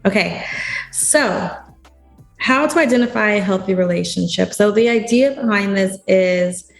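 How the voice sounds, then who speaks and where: A woman's voice: mid-range voice, a little slow, gravelly, soft background music. A woman therapist and coach hosting her own podcast, talking in a chatty, upbeat, rambling way with many fillers. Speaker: self-worth therapist and coach, podcast host. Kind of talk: casual podcast monologue.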